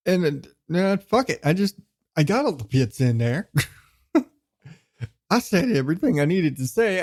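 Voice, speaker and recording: A man hosts his solo podcast in a loose, unscripted ramble. His voice sits a bit high for a man, and he swears freely and laughs as he goes. He talks like he is chatting with friends. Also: a little mellow. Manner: rambling, profane, chuckling often. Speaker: podcast host. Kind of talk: solo casual podcast monologue.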